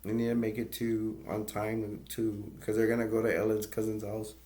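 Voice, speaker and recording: A man's voice: on the low side, completely flat delivery, moderate pace, mellow. A man casually retelling a movie's plot as a reviewer, rambling with many fillers, restarts and brief laughs.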